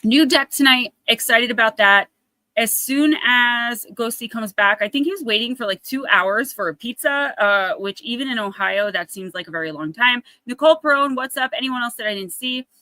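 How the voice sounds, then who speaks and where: Bright, chatty woman livestream host. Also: fairly high pitch, moderate pace, no room sound. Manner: chatty, storytelling, acts out quotes. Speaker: oracle card reader, livestream host. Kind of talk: casual livestream chat.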